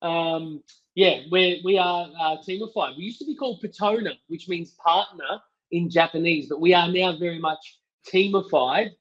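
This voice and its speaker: A man's voice: high voice, normal speed, a bit bright. A man, a podcast guest, telling his company's story in upbeat, casual chat. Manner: upbeat storytelling, filler-heavy. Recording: dull, lo-fi sound.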